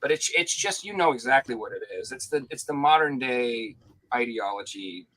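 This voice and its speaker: A man's voice: mid-range voice, lively intonation, normal speed, a bit bright, poor audio. A man co-hosting a podcast in casual, profane, opinionated chat. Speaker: podcast co-host.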